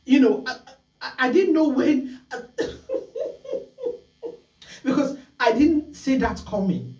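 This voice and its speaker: A woman hosts a call-in talk show with a fairly high, lively voice that swings widely as she tells stories. She acts out scolding voices along the way. She sounds echoey, a little back from the mic. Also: takes it slowly, distant mic, muffled recording.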